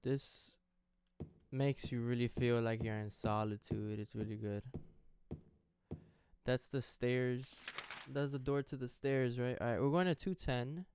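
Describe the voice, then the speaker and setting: A young man commenting casually as he plays through a horror game, reacting out loud, swearing and talking to the screen. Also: medium pitch, fairly even intonation, unhurried, a little hiss or hum. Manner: jumpy, swearing, talks to the game. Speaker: gaming streamer. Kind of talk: let's play commentary.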